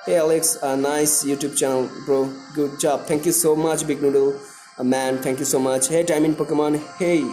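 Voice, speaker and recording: A young man from India hosting a live stream, greeting viewers by name and repeating himself excitedly. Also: a little high, normal speed, faint music behind.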